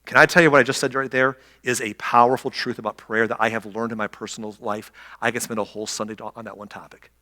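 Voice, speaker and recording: A middle-aged man preaching a sermon as a pastor, telling stories and acting out quotes with animated energy. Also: mid-range voice, quick pace, hardly any pauses, long reverb tail. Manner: animated storytelling, acts out quotes. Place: church sanctuary.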